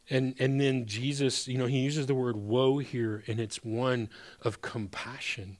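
A man preaching a sermon in a loose, conversational way, speaking at an ordinary middle pitch. He talks to the congregation like friends, pushing some words hard and letting others fall almost to a whisper. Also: steady tone, normal speed. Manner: conversational preaching with sudden emphatic rises and hushed drops; addresses congregation as brothers and sisters. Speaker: pastor.

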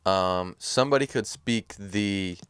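Low smooth guy co-hosting a podcast, rambly, lots of ums, dry close mic. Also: takes it slowly, a bit bright, no echo. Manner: rambling, thinks aloud with fillers. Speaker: podcast co-host. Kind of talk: casual chat.

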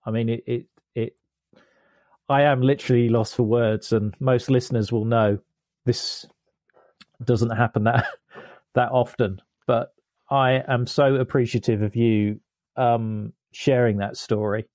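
A man's voice: mid-range voice, steady tone, unhurried, a little mellow, dry recording, studio quality. Appreciative male podcast host. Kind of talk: interview.

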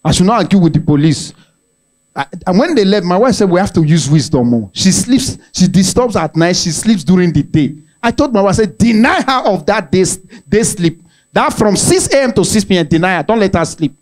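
Animated Nigerian man telling comic stories. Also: high voice, fairly quick. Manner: animated, mixes in Nigerian pidgin, acts out the voices in his stories. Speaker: stand-up comedian. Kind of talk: stand-up comedy storytelling.

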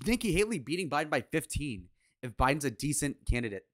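A man's voice: medium pitch, animated, fast, no echo. Male reaction host: heated rants, sarcastic, crude, dry close mic. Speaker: reaction commentator. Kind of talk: reacting to podcast clips.

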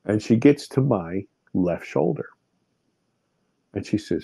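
Male guest in his fifties, husky mellow voice, dry close sound, animated storyteller. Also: fairly low pitch, a little slow, pauses often, no room sound. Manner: vivid, animated retelling with many restarts. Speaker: podcast guest. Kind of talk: personal storytelling in an interview.

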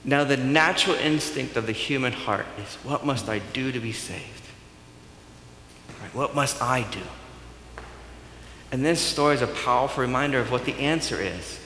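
A man's voice: medium pitch, a little hiss or hum. Man preaching in an echoey hall. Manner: conversational, animated preaching. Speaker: pastor. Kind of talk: sermon. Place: church sanctuary.

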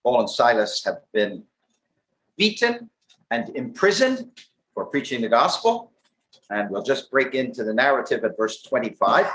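Lively preacher man reading scripture. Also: mid-range voice, a little slow, poor audio. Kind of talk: gospel tent sermon with scripture reading. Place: large tent meeting.

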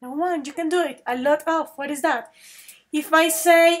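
In an online grammar lesson that switches between Spanish and English, a high-voiced woman stretches out her model sentences at a slow, drawn-out pace. She repeatedly addresses her students with fond pet names.

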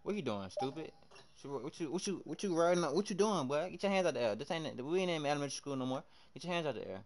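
A young man livestreaming a basketball game, his voice sitting a little high and swinging widely up and down. He keeps up a running commentary for his viewers, loudly trash-talking opponents and reacting to every play. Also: fast talker, slight background noise. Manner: animated trash talk, reacting loudly to plays. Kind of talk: live gameplay commentary.

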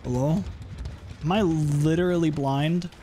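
A man livestreaming a game, chatting playfully and yelling at what happens on screen. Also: fairly high pitch, a little slow, a little hiss or hum. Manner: animated, playful, yells at the game. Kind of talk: live gameplay commentary.

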